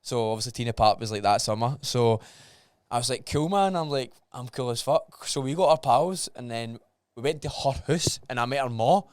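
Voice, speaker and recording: A young Scottish man hosts a casual podcast chat, animated and sweary. His mid-range voice is clear and resonant at a moderate pace, recorded with studio quality and no room sound.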